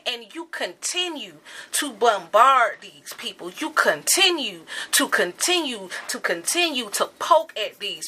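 Woman, bright forceful voice, slightly high; impassioned commentary. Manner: angry, emphatic and repetitive. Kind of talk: impassioned monologue.

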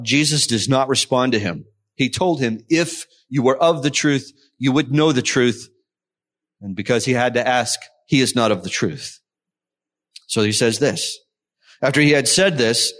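Male pastor, sermon delivery, a touch higher-pitched, teaching tone. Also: a bit bright. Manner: explanatory, reads scripture aloud.

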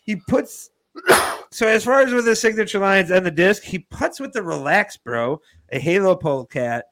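A man's voice: sing-song, moderate pace, a bit bright. A man in casual comedic chat, jokingly hyping up an invented character with crude humor. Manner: mock-hyped, jokey pitch of an invented character.

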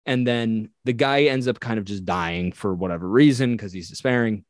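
A man casually retelling a medieval legend on a podcast, animated and acting out the characters he quotes. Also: lowish voice, moderate pace, dry recording. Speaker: podcast co-host. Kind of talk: casual storytelling chat.

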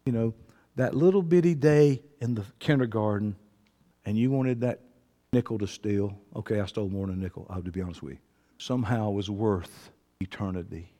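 Impassioned preacher in a reverberant hall. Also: male voice, medium pitch. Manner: swings from loud shouting to quiet, breaking voice; folksy, emphatic, reads scripture aloud. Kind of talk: sermon. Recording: long reverb of a large hall.

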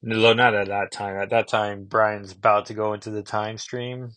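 A man's voice: fairly low pitch, flat delivery, normal speed, a bit bright, no room sound. A man in his thirties chatting casually in a rambling way, reviewing comic books, with frequent fillers.

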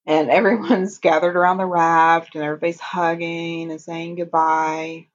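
A woman casually recapping a TV episode for a podcast, retelling the plot in an unhurried way with frequent ums. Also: lowish voice, flat delivery. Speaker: podcast co-host. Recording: dull lo-fi audio.

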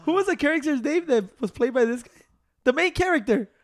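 A man's voice: extremely high pitch, animated, a little fast. A man in a casual chat, telling boastful, profane stories with Spanish slang.

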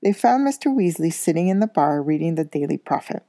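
A woman reading a children's novel aloud, steady but with small slips and corrections. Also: sits low, brisk, no room sound, clean studio sound. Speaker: school coach reading aloud.

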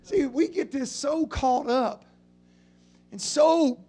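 A male pastor preaching a sermon from a church pulpit, moving between hushed passages and shouted ones. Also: very high-pitched, takes it slowly, long pauses.

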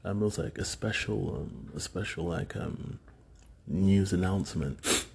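A man's voice: deep voice, measured pace, gravelly, husky. A man in his thirties from the UK, musing alone in a rambling, hesitant way with many fillers. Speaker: solo speaker recounting dreams. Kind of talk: casual monologue.

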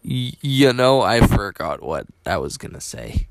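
A young man chatting casually as a podcast co-host. He talks in halting bits, often restarting his sentences. He drops offhand wisecracks between explanations. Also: fairly low pitch, big pitch swings, creaky. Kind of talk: casual chat.

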